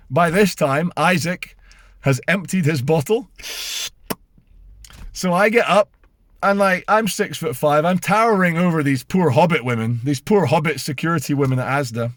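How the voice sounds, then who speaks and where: A middle-aged British man ranting to camera as he tells a story, animated and sarcastic. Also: on the high side, no room sound. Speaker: vlogger. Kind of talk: casual storytelling rant to camera.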